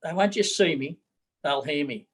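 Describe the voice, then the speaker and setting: A man's voice: a little high, moderate pace, slightly rough, rough recording. A middle-aged man with an Australian accent, a political candidate talking bluntly in an interview, repeating his words as he goes.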